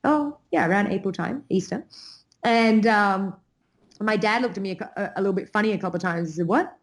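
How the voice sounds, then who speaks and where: A woman's voice: medium pitch, a little fast. A young adult woman from Australia with a partly Americanized Australian accent, chatting as a podcast guest and laughing often. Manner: giggly, laughs often between phrases. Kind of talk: casual chat.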